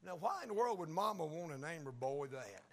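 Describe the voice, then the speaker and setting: Male preacher, Tennessee accent, slow folksy drawl, lively swooping pitch, shouted peaks. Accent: Tennessee Southern US. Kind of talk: sermon.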